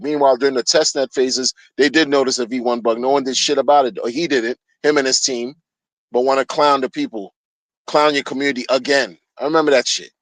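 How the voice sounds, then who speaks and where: A man's voice: a little high, fairly even intonation, fast, no room sound, rough recording. A man streaming a heated solo rant, agitated and profane, often repeating himself.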